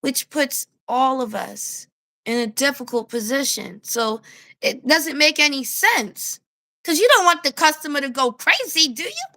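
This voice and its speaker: A woman with a New York accent ranting to camera as a street vlogger, animated and blunt, laughing as she tells her story. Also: high voice, measured pace. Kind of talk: casual rant to camera.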